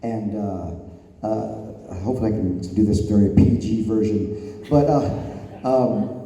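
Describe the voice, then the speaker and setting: A man's voice: on the low side, unhurried, warm tone, highs cut off. A man answering fan questions on a convention panel, telling rambling anecdotes with laughs. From California. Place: large convention hall. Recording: echoey convention hall.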